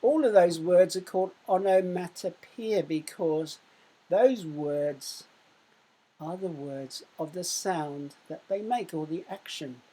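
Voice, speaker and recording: A woman teaching a recorded primary school lesson. She speaks clearly and raises her voice to show exclamations. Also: lowish voice. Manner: slow, clear teaching voice that loudly acts out exclamations.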